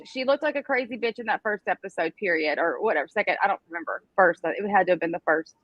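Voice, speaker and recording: A woman co-hosting a casual live chat, excitable and quick to swear. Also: medium pitch, no echo, highs cut off.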